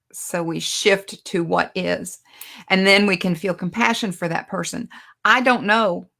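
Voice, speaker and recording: Woman preaching with a gravelly edge. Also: on the low side, a bit bright. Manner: conversational, storytelling, self-deprecating asides. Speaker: speaker teaching a Bible lesson. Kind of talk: sermon.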